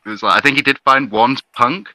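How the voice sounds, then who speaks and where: Bright, crisp, mocking male co-host. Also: mid-range voice, brisk, no echo, rough recording. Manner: crude, mocking, conversational. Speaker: podcast co-host. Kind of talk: casual commentary.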